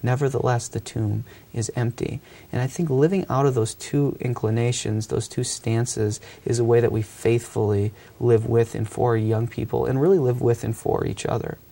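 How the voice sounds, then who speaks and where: A man's voice: medium pitch, steady tone, moderate pace, vocal fry, hardly any pauses, mellow. A man in his thirties speaking as a youth ministry speaker, telling stories in an earnest, reflective way with frequent hesitations and fillers. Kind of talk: reflective storytelling talk.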